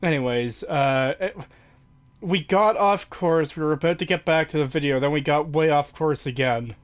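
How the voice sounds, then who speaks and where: A man's voice: a little high, moderate pace. A man co-hosting a podcast in casual chat, making dry sarcastic asides. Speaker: podcast co-host.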